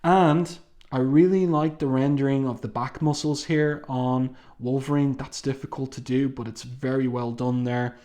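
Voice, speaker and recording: Halting man reviewing comics. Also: mid-range voice, steady tone, a little mellow. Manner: halting, with many ums and restarts. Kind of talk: casual read-along review.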